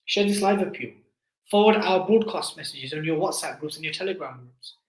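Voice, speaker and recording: Guy hosting a charity livestream appeal, kinda high pitched, fired-up preachy pleading. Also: lively intonation, brisk, roomy sound, rough recording. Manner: impassioned preaching appeal, building in force. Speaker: livestream fundraising host.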